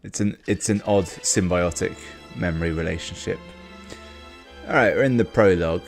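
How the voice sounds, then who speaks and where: A man's voice: low-pitched, moderate pace, gravelly, soft background music. A man hosting a let's play, commenting casually with rambling, wry asides.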